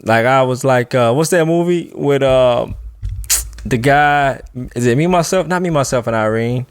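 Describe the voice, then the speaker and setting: A man telling a story in casual chat, animated and laughing often, acting out the voices of the people in it. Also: mid-range voice, normal speed, smooth, no echo, clean studio sound.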